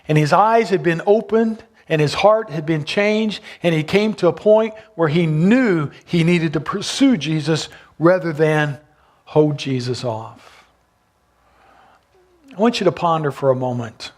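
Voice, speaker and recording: A man preaching a sermon as pastor, retelling a gospel story and asking his listeners questions. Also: a little high. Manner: storytelling, asks the congregation questions.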